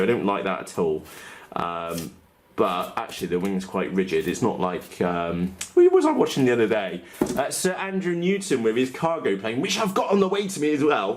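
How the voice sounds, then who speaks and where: A man talks casually through an unboxing at his workbench, blunt and chatty with lots of "uh"s and restarts. His voice sits at a middling pitch for a man. There is a faint hiss and the odd click of handling behind him. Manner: chatty, blunt, frequent uh fillers and self-corrections. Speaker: RC model hobbyist vlogger.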